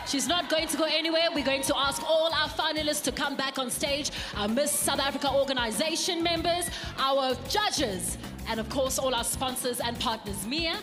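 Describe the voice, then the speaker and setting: A woman hosting a pageant stage event, upbeat and projecting. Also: high voice. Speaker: pageant host. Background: music.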